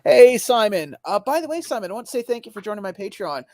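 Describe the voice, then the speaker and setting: A man's voice: high voice, sing-song, quick pace, a little mellow, dry recording, clean studio sound. A man hosting a casual livestream chat, rambling with frequent restarts and easy laughter. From Canada. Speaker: livestream host.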